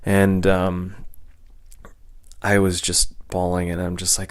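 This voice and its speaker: Young male host, low register; earnest, halting unscripted storytelling full of restarts. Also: monotone, clear, resonant tone. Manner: halting, repeats words, long pauses; earnest, emotional retelling. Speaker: channel host. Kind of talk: unscripted personal monologue.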